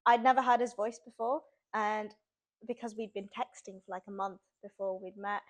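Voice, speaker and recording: A woman's voice: mid-range voice, fairly even intonation, normal speed. A young adult woman, an author, chatting casually in an interview and laughing often. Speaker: author guest.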